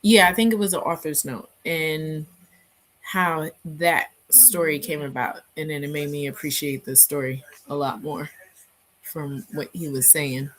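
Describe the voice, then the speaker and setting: A woman's voice: low voice, fairly even intonation, measured pace, low-quality recording. A woman in a casual book club chat, rambling and hesitant with many fillers.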